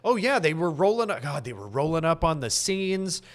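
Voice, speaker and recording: Excited man rambling about a cult film. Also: on the high side, moderate pace. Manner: animated, rambling, laughs often. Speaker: podcast co-host. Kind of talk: casual movie chat.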